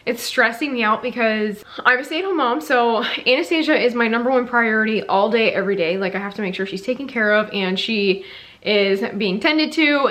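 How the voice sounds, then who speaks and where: A woman's voice: on the high side, fairly bright tone. A young woman who is heavily pregnant, chatting casually in a rambling vlog update, full of fillers. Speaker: vlogger, stay-at-home mom.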